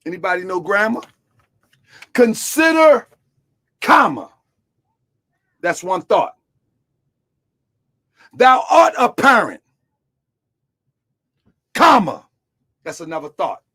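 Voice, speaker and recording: High-voiced man preaching a sermon. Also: big pitch swings, slow, long pauses. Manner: preaching with shouted emphasis, swinging to quiet asides; call-and-response questions to listeners. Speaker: religious teacher.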